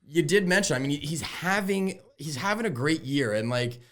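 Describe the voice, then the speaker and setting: A man co-hosting a podcast with his brother, arguing his points in casual, animated chat. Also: on the high side, normal speed. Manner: animated, argumentative, casual swearing. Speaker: podcast co-host, golf betting.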